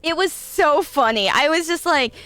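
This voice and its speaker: A young adult woman streaming, chatting casually with her chat, animated, laughing and swearing freely. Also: high-pitched, normal speed, no echo.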